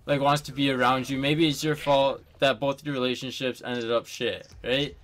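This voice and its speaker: A man's voice: medium pitch, little pitch movement, normal speed, a bit bright. A young man telling a story to friends in a casual voice chat, rambling with lots of fillers and swearing.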